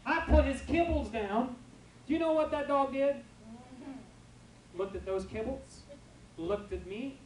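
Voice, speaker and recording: Man preaching with humor in an echoing church. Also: high voice. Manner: lively, humorous, storytelling with asides to the congregation. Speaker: pastor. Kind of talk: sermon. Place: church sanctuary with congregation. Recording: roomy church from far off, faint noise.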